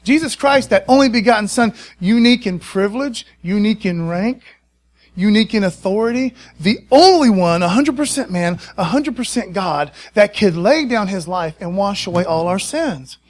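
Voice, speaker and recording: A man preaching a sermon, excited and conversational, often calling out to the congregation for a response. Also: high-pitched, moderate pace.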